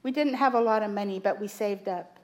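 Middle-aged woman, preacher, sermon, humorous confiding storytelling, mid-pitched voice. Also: brisk, darkish tone.

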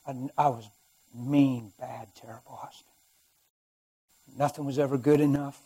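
A middle-aged man preaching a sermon as a personal testimony, swinging between hushed and loud as he tells the story. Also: mid-range voice, fairly even intonation, measured pace, long pauses, breathy edge.

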